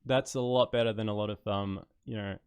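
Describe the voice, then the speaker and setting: A man's voice: on the low side, fairly even intonation, a little fast, smooth, no room sound. An Australian man hosting a casual chat. He is friendly, laughs easily and rambles a bit. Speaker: podcast host. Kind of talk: casual conversation over a call.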